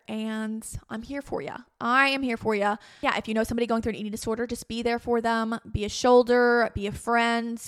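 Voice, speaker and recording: A young woman in her twenties hosting her own podcast, talking in a chatty, candid way with bursts of loud playful emphasis. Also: a little high. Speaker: podcast host. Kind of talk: casual solo podcast talk.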